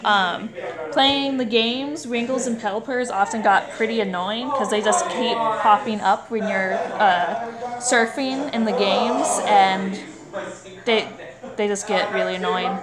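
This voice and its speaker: A woman guest in a casual chat, explaining things patiently with some hesitant fillers. Her voice sits at an ordinary middle pitch. A clear crowd murmur fills the background. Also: unhurried.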